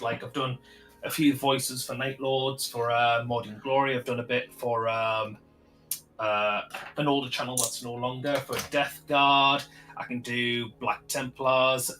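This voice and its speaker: A man's voice: mid-range voice, fairly bright tone. Man, eager hobby chat, lots of fillers, faint music behind. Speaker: guest hobbyist. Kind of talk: casual chat.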